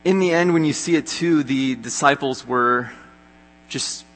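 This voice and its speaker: A young man gives an earnest, conversational youth sermon with plenty of ums and uhs. His voice is bright and forward, and it rings out in a hall with long reverb. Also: medium pitch, unhurried. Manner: earnest, conversational, many fillers. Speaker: youth pastor.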